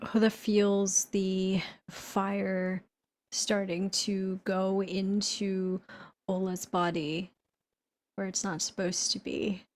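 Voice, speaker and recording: Woman player, unhurried and deliberate, mid-pitched. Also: little pitch movement, darkish tone. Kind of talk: describing her character's actions in a tabletop game.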